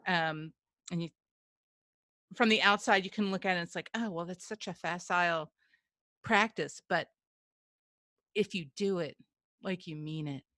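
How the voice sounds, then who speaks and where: A woman's voice: on the low side, moderate pace, pauses often, fairly bright tone, no echo, clean studio sound. A woman hosting a podcast interview, effusive and emotionally responsive to her guest. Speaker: podcast host.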